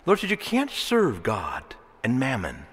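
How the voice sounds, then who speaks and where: Animated male preacher in an echoing church. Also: medium pitch, unhurried, breathy edge. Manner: animated, conversational preaching with rhetorical questions. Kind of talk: sermon.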